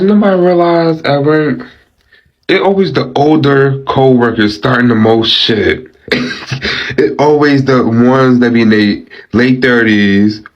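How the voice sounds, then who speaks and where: A man in his twenties rants brashly and swears freely, talking straight to camera. The audio is dull and lo-fi. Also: mid-range voice. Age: 20s. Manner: brash, profane. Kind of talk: casual rant to camera.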